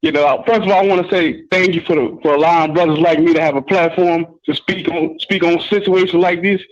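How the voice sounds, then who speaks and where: A man's voice: sits high, brisk. A male caller on a call-in show, teasing and laid-back in casual chat, often saying "you know what I'm saying". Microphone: phone. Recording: muffled phone line.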